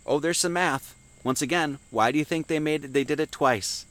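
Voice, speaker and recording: This is a man's slightly high, somewhat bright voice at a moderate pace, delivering an informal Sunday Bible lesson. He chats, raises questions and answers them, and reads scripture aloud with lifted emphasis.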